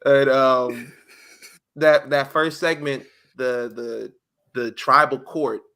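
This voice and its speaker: Bright-voiced man recapping wrestling. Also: medium pitch, takes it slowly. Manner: animated storytelling, acting out quotes in slang. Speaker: podcast co-host. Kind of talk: casual chat.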